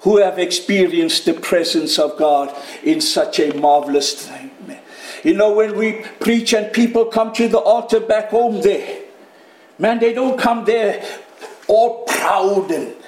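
A man with a high voice preaches slowly and deliberately, letting each phrase land. His delivery swings from quiet, low passages up to loud shouted peaks. The sound is roomy, with the echo of a church hall. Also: expressive, slight background noise. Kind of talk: sermon. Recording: echoey room.

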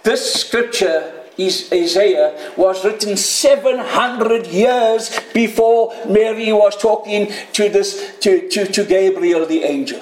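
A man with a high voice delivers an emphatic sermon, calling his listeners friends. He speaks slowly, letting each phrase settle in a roomy, echoing space. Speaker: preacher.

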